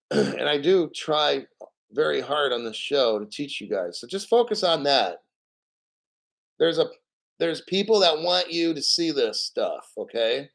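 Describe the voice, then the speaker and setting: A hoarse man hosting a livestream, talking in a blunt, profane, rambling way and clearing his throat often. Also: mid-range voice, fairly bright tone, low-quality recording. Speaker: livestream host. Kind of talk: casual livestream talk.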